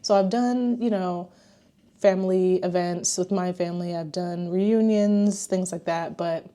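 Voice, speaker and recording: A young woman vlogging a casual recap of her year in a chatty, animated way, with filler words throughout. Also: fairly low pitch, measured pace. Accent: Southern American. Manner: chatty and animated, says "like" a lot.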